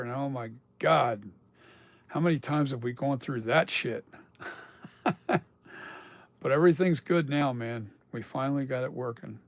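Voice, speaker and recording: A man's voice: medium pitch, moderate pace, vocal fry, pauses often, no room sound. A man chatting casually on a live stream about sculpting masks, rambling and swearing now and then as he talks.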